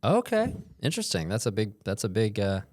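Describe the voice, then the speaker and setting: Very deep-voiced young man chatting on a podcast. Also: wildly swooping pitch, a little fast, darkish tone, no echo, studio quality. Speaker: podcast co-host. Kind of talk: casual chat.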